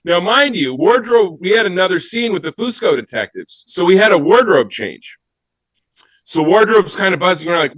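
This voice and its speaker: A man with a somewhat high voice tells an anecdote on a live panel. He is animated and giggly and acts out the lines of others as he goes. The sound is dry and close. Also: normal speed, no echo. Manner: animated, giggly storyteller acting out quotes.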